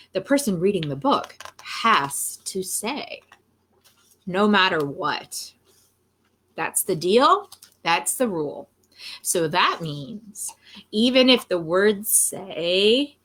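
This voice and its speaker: A woman's voice: fairly low pitch, very animated, takes it slowly, long pauses, fairly bright tone, husky. A woman reading a silly children's book aloud, playful and full of exaggerated reactions. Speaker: storytime reader.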